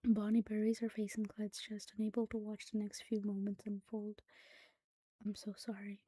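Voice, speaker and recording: A woman's voice: medium pitch, level tone, normal speed, mellow, dry recording. A woman giving a dramatic reading of a horror story, often dropping to a whisper. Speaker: narrator.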